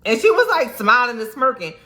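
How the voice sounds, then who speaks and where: A woman recapping a TV episode in a sassy, animated way, full of slang and mock outrage. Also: on the high side, fairly quick, soft background music. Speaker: TV recap vlogger.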